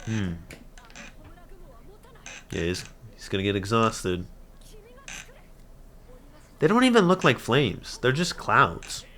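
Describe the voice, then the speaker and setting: A man giving casual, animated reaction commentary on an anime episode, moving from mumbled asides to loud outbursts and frequent laughter. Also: lowish voice, takes it slowly, pauses often, a little hiss or hum.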